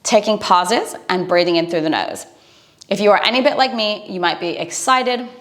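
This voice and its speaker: A woman's voice: medium pitch, normal speed, fairly bright tone. A woman breathing coach giving an earnest, encouraging instructional talk to camera.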